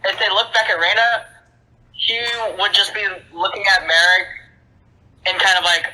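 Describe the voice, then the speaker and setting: A young woman at a tabletop game, speaking hesitantly for her character in a very bright, sharp voice. She is recorded on a phone in a school room. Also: medium pitch, normal speed, pauses often, low-quality recording. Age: young adult. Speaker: player.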